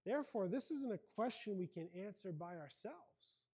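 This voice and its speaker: A man's voice: sits high, animated, moderate pace, a little mellow, breathy edge. A man giving a university lecture, speaking earnestly and checking in with his listeners. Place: lecture hall.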